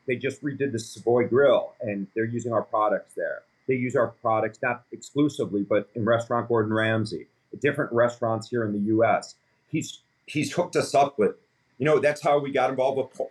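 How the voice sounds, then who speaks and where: A husky-voiced man in his fifties recounts his business story in a relaxed interview. He rambles happily, piling up fillers and restarts as he goes. His voice has a slightly rough, breathy edge. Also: mid-range voice. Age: 50s. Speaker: company founder.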